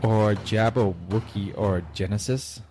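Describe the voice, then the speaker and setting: A man co-hosting a podcast, joking around and reading messages with exaggerated excitement. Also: on the low side, moderate pace, slight background noise. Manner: jokey, reads lines with exaggerated excitement. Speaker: podcast co-host. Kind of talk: casual podcast banter.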